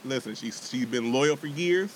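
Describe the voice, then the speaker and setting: A man's voice: mid-range voice, normal speed, slight background noise. A young man co-hosting a podcast, telling a heated story in casual chat, swearing and restarting his sentences often. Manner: animated, swearing, many restarts and repeated words.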